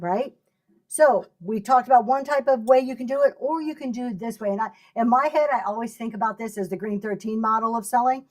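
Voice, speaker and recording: A middle-aged woman teaching live selling in a casual livestream, chatty and laughing often, speaking to viewers by name. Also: on the high side.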